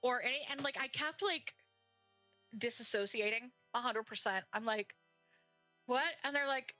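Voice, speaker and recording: A woman with a bright, somewhat high voice tells a long, rambling story on a casual stream. She acts out what her friends said. Faint music plays behind her. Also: moderate pace, no echo, rough recording. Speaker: co-streamer, game jam teammate.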